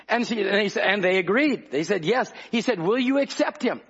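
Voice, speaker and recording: A man's voice: high voice, lively intonation, fairly quick, few pauses, fairly bright tone, husky. A man preaching a fervent revival sermon, calling out to the congregation in rhythmic bursts. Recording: dull lo-fi old recording.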